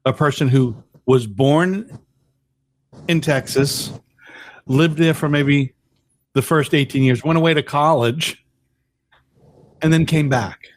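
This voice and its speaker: A man with a somewhat high voice co-hosting a casual podcast chat. He stumbles over his words, repeats himself and swears offhandedly, like talking with friends. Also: slow pace, long pauses, slight background noise. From lived in Massachusetts, Virginia and upstate New York. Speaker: podcast co-host.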